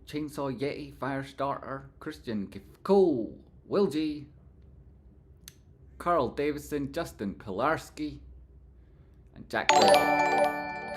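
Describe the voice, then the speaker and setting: A man running a casual live stream, chatting with his viewers and thanking them one by one. He is playful and breaks into silly sung phrases, at a middle pitch for a man. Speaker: livestream host.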